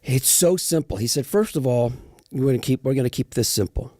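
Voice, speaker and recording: A man's voice: mid-range voice, brisk, a little hiss or hum. A middle-aged man, an actor as guest, telling stories in a casual interview and acting out the people he quotes. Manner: animated storyteller, quotes others.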